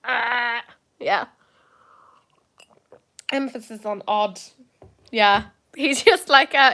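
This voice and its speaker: A young Irish woman hosts a livestream, chatting casually with her viewers in a fairly high, bright, pushed voice at a moderate pace with a steady tone. She rambles with fillers, laughs often, and pokes fun at herself.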